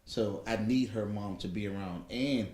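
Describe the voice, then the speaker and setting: A man's voice: on the low side, normal speed, darkish tone. A middle-aged man in casual chat, telling his story in a reflective way and often asking "you know what I mean.". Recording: echoey room, faint background noise.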